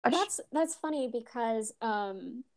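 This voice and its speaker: A woman's voice: fairly high pitch, expressive, takes it slowly, darkish tone. An American woman in her thirties, a story narrator, answering interview questions over a call in a bashful, giggly way with a youthful-sounding voice. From United States. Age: 30s. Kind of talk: casual interview chat.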